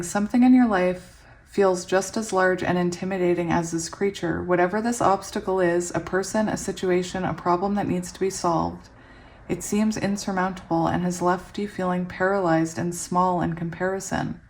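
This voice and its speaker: A young woman giving a casual tarot reading, giggly and excitable, often laughing as she reads the cards aloud. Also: lowish voice, normal speed. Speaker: tarot reader.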